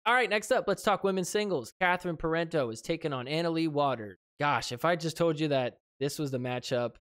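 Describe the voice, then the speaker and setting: A man's voice: a little high, fairly quick, smooth, dry recording, clean studio sound. Wisecracking male pickleball recap host. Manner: chatty and wisecracking, jumps to excited yells on big plays. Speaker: podcast host. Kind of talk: sports recap commentary over match footage.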